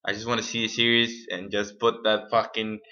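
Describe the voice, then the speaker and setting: A man's voice: lowish voice, little pitch movement, brisk, sharp tone, muffled recording. A man vlogging an unscripted rant to camera, profane, rambling and exasperated. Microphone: camera mic.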